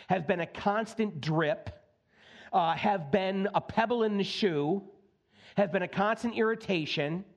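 Male pastor with a fairly high voice, preaching casually and acting out the quotes. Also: lo-fi sound. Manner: conversational, folksy preaching with acted-out quotes. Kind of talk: sermon. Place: church sanctuary.

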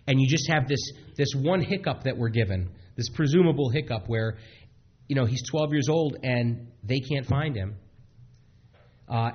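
Male preacher delivering a sermon, husky and halting, many restarts, mid-pitched. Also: highs cut off.

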